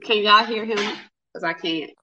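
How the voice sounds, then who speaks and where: A woman's voice: medium pitch, normal speed, sharp tone, muffled recording. A woman hosting a casual livestream, flustered and chatty, talking straight to her viewers. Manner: flustered, talks to viewers as "y'all". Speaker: livestream host. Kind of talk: casual live chat.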